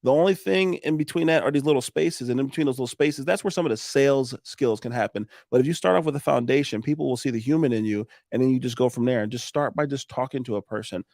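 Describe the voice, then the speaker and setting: Animated man coaching on sales. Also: mid-range voice, fast talker, gravelly, few pauses, no room sound, studio quality. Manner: animated, coaching, laughs often. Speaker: podcast guest, sales coach. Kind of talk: casual podcast conversation.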